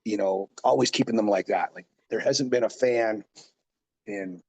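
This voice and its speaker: Wrestler-coach, 40s, low and husky, rambling easygoing storyteller. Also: male voice, normal speed, darkish tone. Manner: rambling, loose, full of fillers and asides. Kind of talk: casual interview storytelling.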